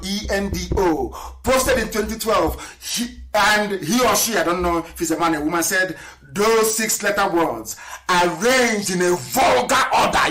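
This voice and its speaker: A middle-aged man, giving an impassioned live radio lecture. He asks rhetorical questions and spells words out letter by letter. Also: high-pitched. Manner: rhetorical, spells words out letter by letter, swings between loud and hushed. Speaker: political broadcaster.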